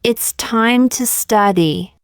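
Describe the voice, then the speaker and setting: A woman reading short example sentences one by one for English learners, in a slow, deliberate, evenly paced way. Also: on the high side, clean tone, dry recording, studio quality. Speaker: English teacher.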